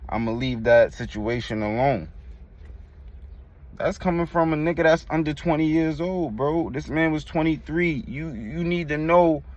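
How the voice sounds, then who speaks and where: A man's voice: a little high, moderate pace, hardly any pauses, a little mellow. Blunt streetwise man commenting, lo-fi. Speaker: reaction host. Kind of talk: casual commentary.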